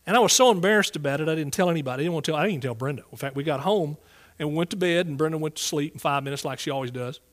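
At a church service, a Southern-accented man speaks very fast in a fairly high voice. He gives his testimony of being called to teach the Bible, earnest and folksy, occasionally starting over.

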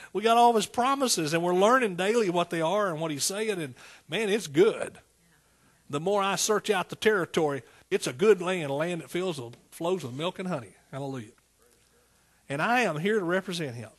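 A man's voice: high voice, fairly bright tone, slightly rough. A middle-aged man with an East Texas accent preaching a sermon in a folksy, call-and-response manner. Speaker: pastor.

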